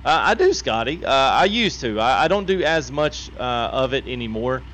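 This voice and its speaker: A man's voice: mid-range voice, big pitch swings, normal speed, fairly bright tone, slight background noise. A man, chatting casually on a live game stream, reading chat and laughing often. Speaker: gaming streamer.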